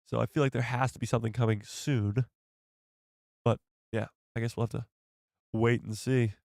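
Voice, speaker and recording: A man's voice: medium pitch, level tone, normal speed, gravelly, a little mellow, dry recording, studio quality. A man hosting a casual live stream, chatting to viewers and laughing often.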